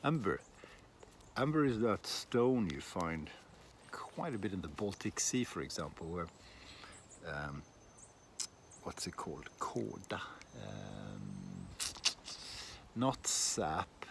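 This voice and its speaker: Slow, rambling man chatting outdoors. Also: low-pitched, big pitch swings, vocal fry, slight background noise. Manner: rambling, self-deprecating, many restarts. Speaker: shaving vlogger. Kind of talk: casual outdoor vlog chat. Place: outdoors in a windy garden.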